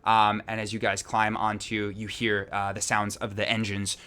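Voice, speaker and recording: A man's voice: fairly low pitch, monotone, normal speed, bright, forceful tone, smooth. A man narrating as game master of a tabletop game, rambling and descriptive with many restarts.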